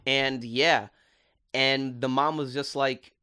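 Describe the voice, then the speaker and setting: A man giving casual video commentary on a cartoon episode, animated and full of slang. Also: mid-range voice, slow pace, clean tone. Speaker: cartoon reviewer.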